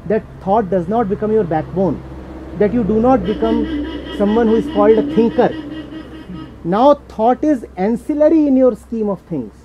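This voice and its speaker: An Indian-accented spiritual teacher from India responds to a question during an indoor talk, stressing his points and repeating key words. He speaks in a high-pitched voice at a moderate pace, captured on dull audio with faint noise.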